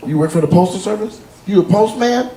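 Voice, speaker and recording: A man doing stand-up crowd work, teasing audience members with quick-fire questions. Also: high-pitched. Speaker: stand-up comedian. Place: comedy club stage. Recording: echoey live venue with loud crowd laughter.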